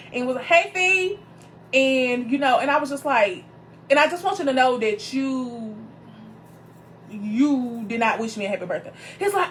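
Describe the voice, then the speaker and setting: A woman minister hosting her show, telling a personal story in a casual, animated way, calling her viewers y'all and greeting them by name as they join. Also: fairly high pitch, fairly quick, slight background noise.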